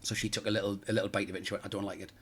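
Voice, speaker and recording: Middle-aged man, panto comic; rapid, jokey anecdotes in an interview. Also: lowish voice, level tone, breathy edge. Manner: chatty and jokey, laughs at his own stories. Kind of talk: casual interview chat.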